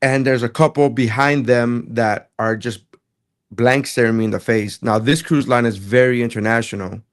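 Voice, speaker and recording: A man on a podcast telling a story from his comedy gig in a casual, animated way, acting out the dialogue. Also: medium pitch, normal speed. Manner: animated, acts out dialogue in quotes.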